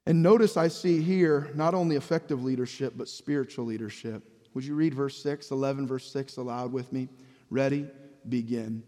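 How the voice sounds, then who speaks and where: A man's voice: medium pitch, a little fast, warm tone, in a large hall. A pastor preaching a sermon, reading scripture aloud and acting out the voices of the people in it, often repeating words as he speaks.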